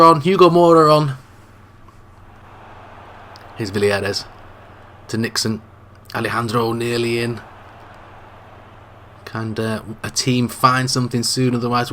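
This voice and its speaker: Man with a dry throat calling football. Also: a little hiss or hum. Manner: mostly low-key running call that surges into shouts at goal chances. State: dry throat, occasional coughs. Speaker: gaming channel host. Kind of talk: play-by-play football commentary over a video game.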